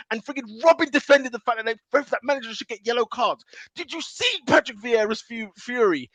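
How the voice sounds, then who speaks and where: A man's voice: very high-pitched, lively intonation, fast, fairly bright tone, dry recording. A man co-hosting a podcast, ranting in a heated football debate and repeating himself in exasperation. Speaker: podcast co-host.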